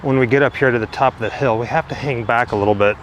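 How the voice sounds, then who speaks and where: A man's voice: medium pitch, fast, highs cut off. Man narrating an outdoor walking-tour vlog. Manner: enthusiastic, chatty guide. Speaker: travel vlogger. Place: outdoors in a cemetery by a busy road. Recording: outdoor street noise, passing traffic. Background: faint cars and trucks.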